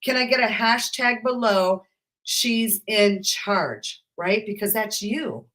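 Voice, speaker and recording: A woman's voice: takes it slowly, fairly bright tone. Fired-up woman coaching her viewers. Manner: high-energy, emphatic, sassy, talks straight to the viewer. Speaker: business coach. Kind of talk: motivational live-stream coaching.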